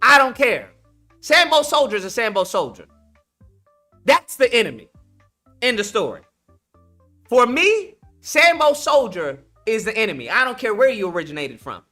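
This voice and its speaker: A man's voice: extremely high pitch, big pitch swings, normal speed, pauses often, sharp tone, faint music behind. A man hosting a live call-in stream, blunt and emphatic, slangy, repeating his points for effect. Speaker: livestream host. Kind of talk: casual commentary with callers.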